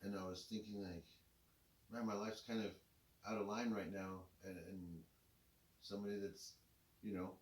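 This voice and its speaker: A middle-aged man telling a rambling personal story in a relaxed, casual way. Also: sits low, normal speed, pauses often, distant mic. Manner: laid-back, rambling with many fillers. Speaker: co-host telling his story. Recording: echoey room, voice a bit off-mic.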